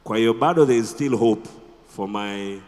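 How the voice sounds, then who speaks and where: A man with a Tanzanian accent giving a conference talk as a radio presenter, animated and quizzing the audience with rhetorical questions. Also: fairly low pitch, moderate pace, in a large hall. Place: conference hall.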